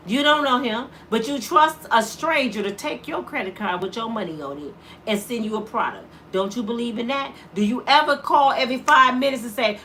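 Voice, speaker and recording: A woman's voice: fairly high pitch, lively intonation, brisk, pushed and bright, a little hiss or hum. A middle-aged woman giving an impassioned vlog monologue as a mother, preaching with rhetorical questions in casual dialect. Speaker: mother of an inmate, vlogger.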